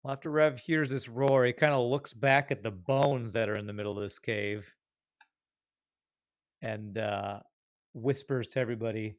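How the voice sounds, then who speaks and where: A man's voice: mid-range voice, steady tone, normal speed, no room sound, studio quality. A man playing a tabletop game, casually describing what his character does in third person. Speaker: player.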